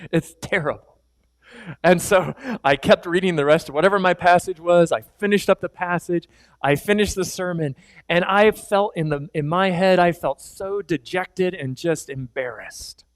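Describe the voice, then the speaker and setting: In a church sanctuary, a middle-aged pastor gives a sermon built on personal stories, told with candid, self-deprecating humor and quick laughs. His voice sits a little high for a man, and the sound is dry and close with no room echo.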